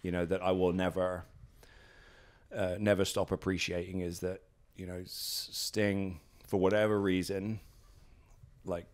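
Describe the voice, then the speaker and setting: Rambling British man, low voice. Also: flat delivery, measured pace. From Britain. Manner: rambling, many fillers and restarts, acts out quotes. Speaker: guest, professional wrestler. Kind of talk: casual interview storytelling. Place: at his house.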